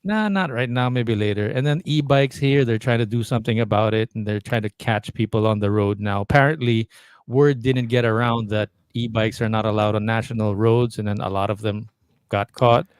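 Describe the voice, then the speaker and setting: A man's voice: lowish voice, normal speed, clear, resonant tone, no room sound, studio quality. Rambling man co-hosting a podcast. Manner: rambling, lots of fillers and restarts. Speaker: podcast co-host. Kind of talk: casual chat.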